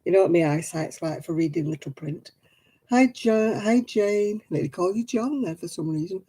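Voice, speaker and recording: Middle-aged British woman hosting a homely stream, friendly chatter to viewers, soft husky voice. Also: lowish voice, normal speed. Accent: British English. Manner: chatty, greeting viewers by name. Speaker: livestream host. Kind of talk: casual live-stream chat.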